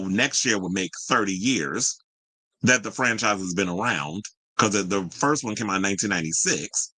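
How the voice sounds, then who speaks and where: A man hosting a casual pop culture podcast, sassy and animated, reading viewer comments and riffing on them. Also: fairly low pitch, no room sound, poor audio. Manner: sassy, animated, reads chat comments aloud. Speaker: podcast host.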